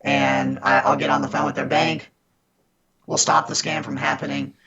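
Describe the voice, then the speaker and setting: A man's voice: medium pitch, flat delivery, moderate pace, creaky, highs cut off, crowd noise. A man guest on a podcast, earnestly telling stories of fighting scammers, often restarting his sentences. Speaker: podcast guest, scam baiter. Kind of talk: casual interview storytelling.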